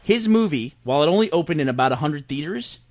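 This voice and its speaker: A man co-hosting a podcast, chatting casually and telling animated stories about movies and box office numbers. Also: fairly high pitch, fast talker. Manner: animated storyteller, breaks down numbers. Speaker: podcast host. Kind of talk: casual chat.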